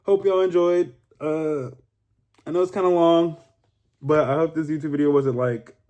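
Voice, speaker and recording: A young man talks straight to his camera. He rambles casually, swears freely and leans on fillers, getting animated as he goes. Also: a little high, moderate pace. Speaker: YouTuber. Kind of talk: casual vlog monologue.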